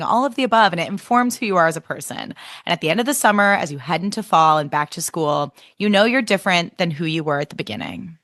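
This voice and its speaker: A woman's voice: fairly low pitch, fairly bright tone, no room sound, clean studio sound. A woman in her thirties hosting a podcast, talking in a chatty, giggly way with lots of "like". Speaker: podcast host. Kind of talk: casual podcast chat.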